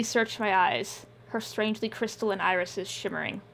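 A woman reading first-person scripted fiction in a measured, subdued way. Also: mid-range voice, fairly bright tone, slight background noise. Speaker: audiobook narrator.

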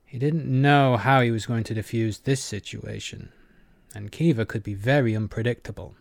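A man narrating an audiobook in a measured, even manner. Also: mid-range voice, gravelly, no room sound.

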